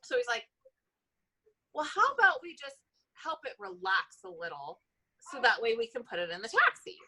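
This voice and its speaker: Female animal control officer, lively storyteller with a crisp, high tone who laughs often. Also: moderate pace, rough recording. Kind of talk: casual storytelling in an interview.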